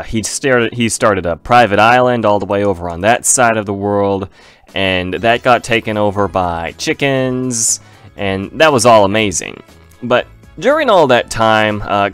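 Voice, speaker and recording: Lower-pitched man pitching playful game deals. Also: fairly bright tone. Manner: playful salesman-style pitching with frequent fillers. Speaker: game video host. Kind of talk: casual gameplay commentary.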